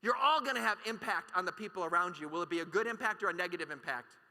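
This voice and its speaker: A man's voice: sits high, fast, creaky, bright, forceful tone. A man giving an impassioned keynote talk at a conference, emphatic and full of rhetorical questions. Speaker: conference speaker. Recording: long hall reverb.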